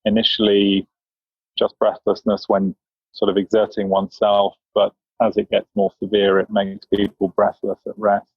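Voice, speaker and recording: A British man in his fifties, a physician answering interview questions in a measured, dry, understated way. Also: fairly low pitch, monotone, breathy edge, dry recording, highs cut off. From England. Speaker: guest physician.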